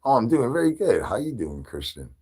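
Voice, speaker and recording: A husky, darkish medium-pitched voice swings widely in pitch as this host talks briskly on a livestream. He rambles absurd rhyming slang as a zombie hungry for brains, in a comedic rant.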